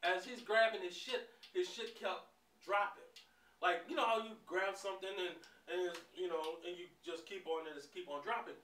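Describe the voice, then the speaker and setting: A man in a casual storytime vlog, telling a story in an animated, profane way and often breaking into laughs. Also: sits high, moderate pace. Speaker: vlogger. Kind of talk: casual storytime while eating. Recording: roomy sound, mic at a distance.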